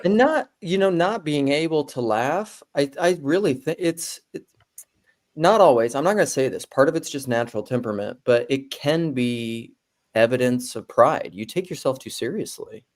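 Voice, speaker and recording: A man's voice: medium pitch, lively intonation, normal speed. A man hosting a podcast, from Minnesota, rambling casually and laughing easily. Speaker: podcast host. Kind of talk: casual chat.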